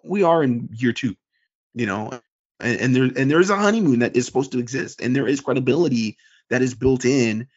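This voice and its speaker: A slightly husky man co-hosts a casual sports podcast, talking in long rambling runs and slipping into quick mimicked voices of fans. His voice sits at an ordinary middle pitch, and the recording comes through dull and lo-fi. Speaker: podcast co-host and forum moderator. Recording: dull lo-fi sound.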